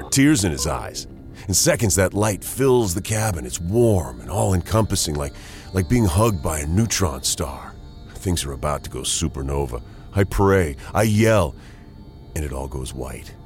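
Deep-voiced man telling a tense story. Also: slight background noise. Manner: tense, dramatic delivery. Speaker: narrator. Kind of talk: first-person scripted storytelling.

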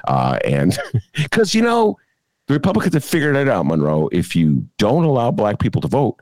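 A man hosting a political talk show, animated and laughing, often mocking others in put-on voices. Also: medium pitch, moderate pace, no echo. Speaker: podcast host. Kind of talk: casual political commentary.

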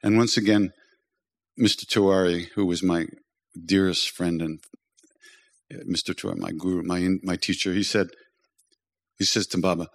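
An older man giving a storytelling spiritual talk, gently humorous and self-deprecating, as a teacher and podcast host. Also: low-pitched, steady tone, normal speed, creaky, long pauses.

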